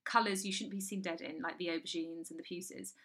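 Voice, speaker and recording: A woman's voice: lowish voice, steady tone, a little fast, fairly bright tone. A woman co-hosting a podcast, chatting bluntly and crudely. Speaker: podcast co-host. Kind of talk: casual chat.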